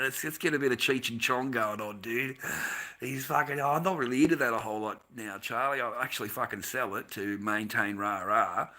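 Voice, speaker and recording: On a livestream, a middle-aged host tells rambling, casual stories full of slang and profanity. His voice sits in the mid range and sounds pushed and bright.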